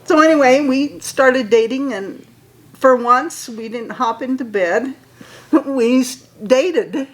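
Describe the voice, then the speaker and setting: An older woman telling a story to an audience in a casual, animated way, laughing and acting out both sides of old conversations. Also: high voice, slow, poor audio. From Utah.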